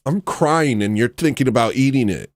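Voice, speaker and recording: A man's voice: mid-range voice, lively intonation, a little slow, no echo, clean studio sound. A man hosting a casual livestream, chatting to viewers and gushing, sometimes dropping to a choked near-whisper. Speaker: livestream host.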